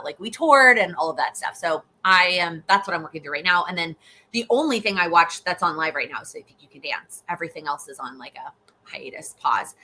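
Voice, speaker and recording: Bright-voiced woman hosting a chatty live Q&A. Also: lowish voice, slight background noise. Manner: chatty, frequent restarts and "like" fillers. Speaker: host, goal-setting coach. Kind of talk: live Q&A chat.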